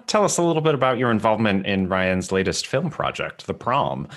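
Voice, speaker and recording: A man's voice: fairly low pitch, big pitch swings, fairly quick. A man hosting a podcast, asking long, searching questions of his guest. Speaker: podcast host, theater editor. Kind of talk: interviewing.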